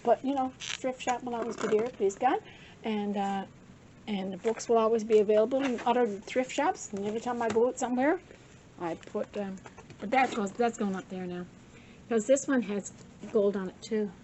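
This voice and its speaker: An older woman vlogs a chatty, rambling tour of her craft supplies, slightly out of breath and self-correcting. Her mellow voice is on the high side at normal speed, recorded at low quality with slight background noise.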